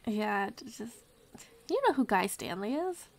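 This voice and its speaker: A woman playing a tabletop game, speaking gently and casually in character. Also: medium pitch, sing-song, unhurried.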